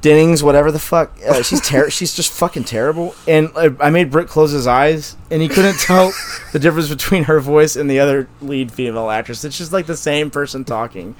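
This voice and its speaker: A man's voice: a little high, fairly quick, a little hiss or hum. A young man co-hosting a podcast, chatting crudely and joking, often laughing and putting on silly voices. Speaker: podcast co-host. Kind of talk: crude casual chat.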